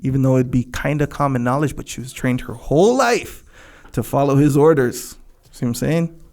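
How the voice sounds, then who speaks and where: A man's voice: mid-range voice, moderate pace, darkish tone. A man co-hosting a podcast, telling a rambling story and acting out movie lines in casual chat. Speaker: podcast co-host.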